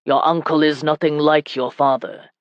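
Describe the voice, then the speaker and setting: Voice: medium pitch, fairly even intonation, normal speed, no room sound, lo-fi sound, lightly acted. A narrator reading a stern medieval lord. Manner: firm, clipped orders. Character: stern medieval knight lord, commanding and proud. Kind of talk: audiobook character reading.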